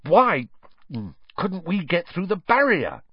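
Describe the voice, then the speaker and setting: A man's voice: high voice, sing-song, takes it slowly, breathy edge, dry recording, highs cut off, pitched above the performer's own voice, exaggerated voice. Ron, a man doing a cheeky schoolboy. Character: cheeky hungry teenage schoolboy.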